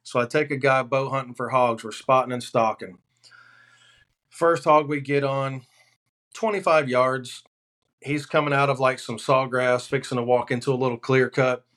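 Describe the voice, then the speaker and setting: A man guesting on a podcast as a hunting outfitter, telling stories in a relaxed, animated way with deadpan punchlines. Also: mid-range voice, moderate pace. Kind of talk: casual podcast storytelling.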